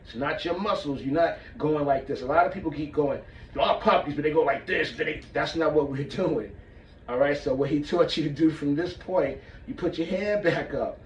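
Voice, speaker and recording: A man's voice: on the high side, moderate pace, a little hiss or hum. Echoey man demonstrating martial arts breathing. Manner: casual, demonstrates as he talks, checks in with "all right?". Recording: echoey room, mic far off, muffled.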